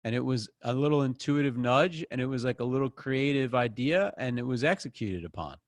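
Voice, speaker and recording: Casual male acting teacher, animated, dry close-miked sound. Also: mid-range voice, fairly quick, no echo. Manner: casual, animated, acts out quotes. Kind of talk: online acting class. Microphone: close microphone.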